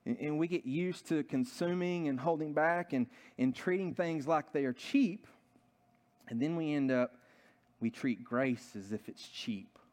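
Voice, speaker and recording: A man's voice: a little high, a little slow, darkish tone. A man preaching a sermon in a church, telling a story earnestly and often restarting his sentences. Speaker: pastor.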